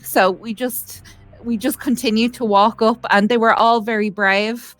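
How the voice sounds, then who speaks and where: A woman's voice: a little high, steady tone, a little slow, fairly bright tone. A woman playing a tabletop game who tells an event in character with a rambling, hesitant delivery. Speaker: player.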